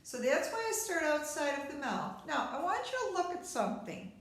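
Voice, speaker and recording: In her recorder tutorial for beginners, the woman uses a high, sing-song voice at a moderate pace. She addresses the viewer directly and walks through each step patiently, with heavy echo throughout.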